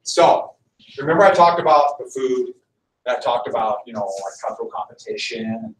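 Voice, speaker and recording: A man's voice: medium pitch, moderate pace. A male history teacher lecturing a class and telling a story, acting out the people in it. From Montana, USA. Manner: animated storyteller, voices his characters. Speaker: high school history teacher. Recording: echoey classroom, mic at a distance.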